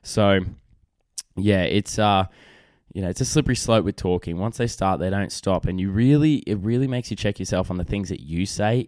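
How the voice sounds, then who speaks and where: Chatty dad with low voice. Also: male voice, a little mellow, no echo, studio quality. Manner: rambling, chatty, lots of fillers and restarts. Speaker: podcast host. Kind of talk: casual solo podcast storytelling.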